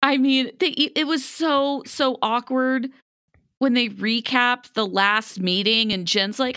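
A woman co-hosting a podcast in casual chat, animated, laughing often and acting out quotes in voices. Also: medium pitch, measured pace, no echo, studio quality. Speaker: podcast co-host. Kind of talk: casual chat recapping a reality show.

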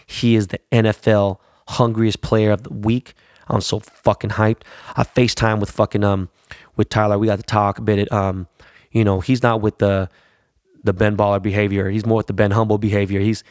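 Low-voiced guy swearing nonstop, rambling, dry close sound. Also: darkish tone, dry recording. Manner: profane, slangy, rambling. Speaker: vlogger telling about his weekend. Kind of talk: casual chat.

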